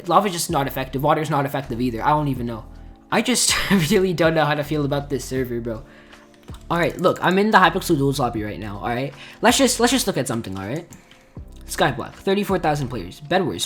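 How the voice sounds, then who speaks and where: Fast-talking young gaming YouTuber guy. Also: on the high side. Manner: rambling, full of "like" and "dude", mock-outraged rants. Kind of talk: casual gaming commentary to camera.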